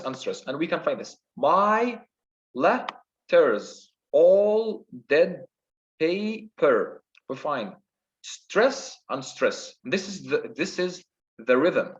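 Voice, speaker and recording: A man, not a native English speaker, slowly talks through the meter and rhyme of a sonnet, hesitating and counting syllables word by word. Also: mid-range voice, highs cut off. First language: Arabic. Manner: hesitant, with many restarts and fillers. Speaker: student presenting a poem analysis. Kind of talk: spoken literature analysis.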